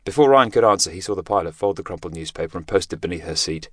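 A man narrates an audiobook, delivering scripted narration in a steady, measured storytelling style. His voice is low, and the recording is dry with clean studio sound.

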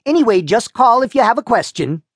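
A man voicing a bustling, chatty woman realtor who gives breezy, hurried reassurances. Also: on the high side, very animated, no room sound, clean studio sound, pitched above the performer's own voice. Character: bustling chatty female realtor, middle-aged.

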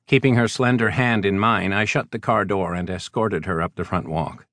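A man reading a first-person novel as an audiobook narrator, measured and wry. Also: on the low side, fairly bright tone, no echo, studio quality.

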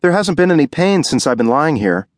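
A man's voice: fairly high pitch, very animated, a little fast, no room sound, clean studio sound, voice pushed up. A man doing an anxious young pregnant wife. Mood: worried. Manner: pleading, soft and worried. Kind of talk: audiobook character voice.

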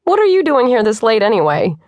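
A woman narrator playing a brisk, teasing young woman boss. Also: fairly high pitch, very animated, darkish tone, dry recording.

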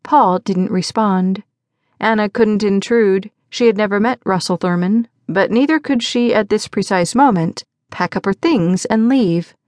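A woman narrates a mystery audiobook in a mid-range voice. She gives the characters slight shifts in pitch as they speak. The recording is dry and close, with no room sound. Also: unhurried, darkish tone, dry recording. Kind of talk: scripted narration.

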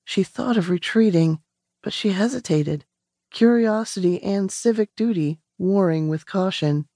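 A woman narrating an audiobook in a measured, steady storytelling manner on a close studio mic. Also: medium pitch, no echo. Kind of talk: scripted narration.

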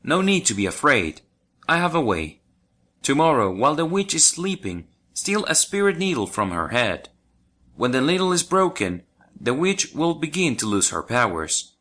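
A man's voice: a little high, sing-song, normal speed, fairly bright tone. A man voicing a wise female yak-like animal who tells a boy how to escape, in a children's storybook. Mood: calm instructive.

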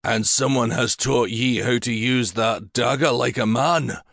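A man reading an audiobook and voicing a vicious, crusty old Highland laird with a Scottish accent. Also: a little slow, a bit bright, dry recording, clean studio sound. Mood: menacing. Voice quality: crusty, gruff.

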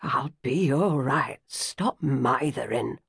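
A woman voicing a tough, hard-faced older woman with a gruff, curt manner. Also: a bass voice, animated, takes it slowly, no echo, clean studio sound, voice pushed down, full character voice.

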